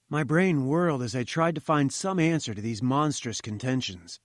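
A man reading a first-person story aloud in a measured, earnest manner. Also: mid-range voice, dry recording, studio quality. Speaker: audiobook narrator.

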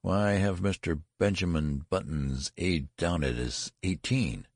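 A man's voice: deep voice, measured pace, darkish tone, husky, no room sound, clean studio sound, full character voice. A man voicing a stern, irritable male college registrar who talks in a curt, scolding manner. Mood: incredulous. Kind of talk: audiobook character voice.

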